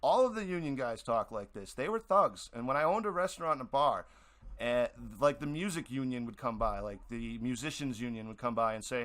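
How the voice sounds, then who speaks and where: Bright-voiced man ranting on air. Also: medium pitch, expressive, fairly quick. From Boston area, US. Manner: rambling, heated, many restarts. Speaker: radio show host. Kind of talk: casual opinion monologue.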